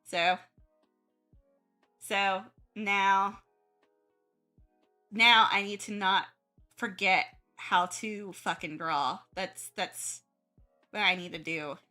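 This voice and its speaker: A young woman with a Midwest-Southern American accent chats unhurriedly while she draws. Her voice is bright and forward, and she rambles and restarts her sentences. Soft music plays faintly behind her. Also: mid-range voice, steady tone, extremely slow, pauses often. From southern United States. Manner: rambling, self-correcting, chatty. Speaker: art streamer. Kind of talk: casual chat while drawing.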